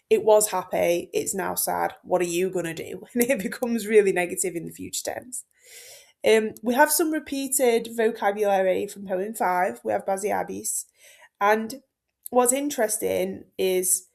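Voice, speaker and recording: A Latin teacher explains a poem for exam revision, line by line. She is loose and chatty, full of fillers and asides. Her voice has a gravelly fry running through it at a middling pitch. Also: a little mellow. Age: 30s. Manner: chatty and informal, with frequent fillers. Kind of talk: exam-focused text explanation.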